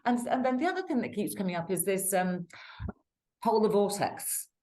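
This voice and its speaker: A woman's voice: mid-range voice, very animated, normal speed, warm tone, a little hiss or hum. A British woman co-hosting a casual weather chat, talking in a chatty, rambling way and laughing often. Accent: British English. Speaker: weather show co-host.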